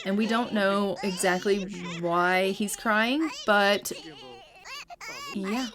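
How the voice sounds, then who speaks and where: A woman's voice: mid-range voice, slow, crowd noise. Chatty woman narrating a game. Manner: chatty, upbeat, frequent "um" fillers. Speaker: gaming channel host. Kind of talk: casual let's-play commentary.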